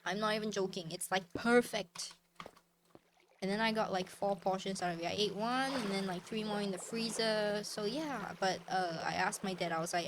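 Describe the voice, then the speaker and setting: A woman's voice: medium pitch, normal speed, noisy background. A woman streamer chatting casually while gaming, ranting and swearing freely. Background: background music.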